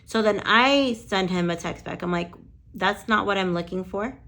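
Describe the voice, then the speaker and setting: A woman's voice: medium pitch, normal speed, gravelly, fairly bright tone. A woman lash artist telling a story in casual chat, swearing freely and quoting conversations with "I'm like".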